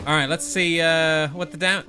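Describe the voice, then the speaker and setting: A man's voice: on the high side, fairly even intonation, moderate pace, bright, forceful tone, faint music behind. A man streaming a video game live, chatting sarcastically and mocking himself with dramatic outbursts. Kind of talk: live gaming commentary.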